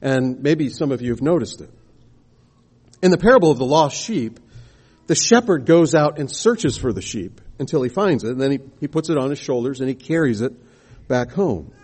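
A man's voice: medium pitch, expressive, moderate pace, a little mellow, slightly rough. A man preaching a sermon, explaining scripture and posing rhetorical questions to the congregation.

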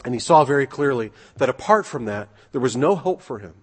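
A man's voice: mid-range voice, expressive, brisk, slightly rough. A man preaching an earnest sermon, reading scripture and asking rhetorical questions.

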